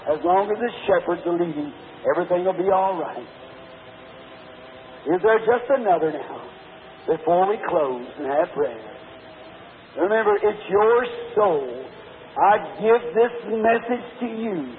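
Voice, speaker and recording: High-voiced pleading preacher, tinny old tape. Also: male voice, a little slow, pauses often, a little hiss or hum. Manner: pleading, rhythmic preaching with repeated blessings. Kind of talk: altar call sermon. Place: large church with balcony.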